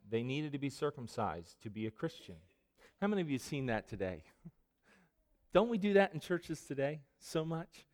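A man preaching a sermon as pastor, moving from conversational asides to the congregation into emphatic, loud passages when he quotes scripture. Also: mid-range voice.

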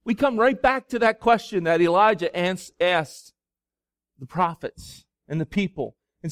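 A man's voice: expressive, measured pace, dry recording. Man preaching a sermon, dry sound. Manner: swings from soft, low storytelling to loud, high-pitched preaching. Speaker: pastor.

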